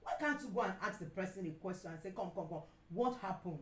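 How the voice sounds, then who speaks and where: A middle-aged Nigerian woman preacher and counselor giving an emphatic sermon. She repeats her key lines and sometimes breaks into loud outbursts. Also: medium pitch, animated, fast talker, reverberant, poor audio. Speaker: pastor and counselor.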